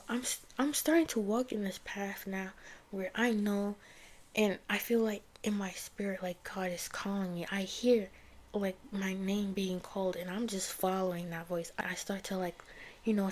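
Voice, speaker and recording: A woman's voice: mid-range voice, darkish tone. A young woman from the United States telling her faith story in a casual, rambling way, with many fillers like "like" and "you know". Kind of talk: casual personal testimony.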